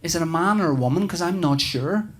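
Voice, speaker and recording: A man's voice: on the high side, quick pace, natural voice. A precocious little girl with a sweet, raised voice and earnest questions, as a man puts her on during a stand-up set. The line rides on a noisy live recording with plenty of hiss underneath.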